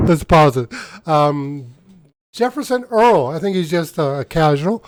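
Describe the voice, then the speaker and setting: A man hosting his own channel gives casual news commentary, mocking and sarcastic, laughing often, rambling, and restarting mid-sentence. His voice is on the high side and animated, with an unhurried pace, over heavy background noise.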